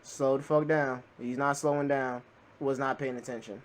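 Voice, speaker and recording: A man hosting a reaction video, talking casually and yelling excitedly at what he watches. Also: mid-range voice, normal speed. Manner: excitable, yells at the clips, heavy swearing. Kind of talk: casual profane reaction commentary.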